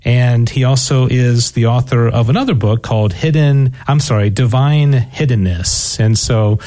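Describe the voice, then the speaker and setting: A man hosts a radio interview, speaking with friendly enthusiasm. He often pauses with fillers and repeats his words as he goes. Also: medium pitch, warm tone. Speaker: radio host and station director.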